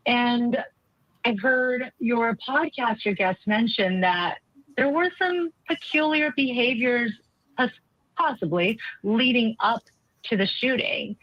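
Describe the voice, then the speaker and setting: A woman psychologist giving measured, analytical commentary as a guest. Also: fairly high pitch, no room sound, lo-fi sound. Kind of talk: expert commentary.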